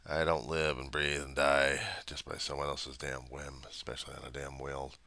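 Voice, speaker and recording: A man's voice: rumbling low, completely flat delivery, moderate pace, vocal fry, pushed and bright, dry recording. A man venting in a personal diary monologue, angry, rambling and profane. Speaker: diarist.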